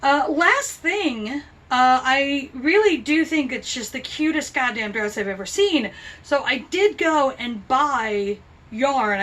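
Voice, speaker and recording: A woman's voice: high voice, fairly bright tone, distant mic. A woman vlogging about her crochet project in a chatty, rambling, self-deprecating way. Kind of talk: casual chat.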